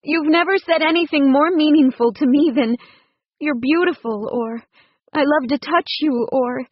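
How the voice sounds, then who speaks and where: A woman voicing a vulnerable, emotional pregnant young woman in an audiobook, her pitch raised and pleading. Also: moderate pace, dry recording, highs cut off, natural voice.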